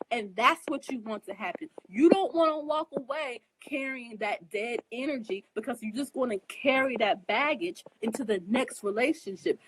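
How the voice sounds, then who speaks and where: The recording is low quality, capturing a woman with a fairly bright, breathy voice on the high side. She's an astrologer offering advice to her viewers in a casual monologue, addressing them directly with earnest, emphatic preachiness, open emotion and frequent questions about whether they understand.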